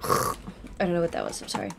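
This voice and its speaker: Excitable Dutch woman streaming a shooter. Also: a little fast, very noisy. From Netherlands. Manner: chatty, excitable, breaks into laughs and yelps. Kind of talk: casual gaming stream chat. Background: game gunfire.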